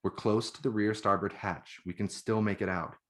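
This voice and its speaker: A man's voice: on the low side, fairly even intonation, normal speed, lightly acted. A man reading the lines of a tough, frightened young woman soldier, urging and snapping. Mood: steady. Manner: urgent, snapping.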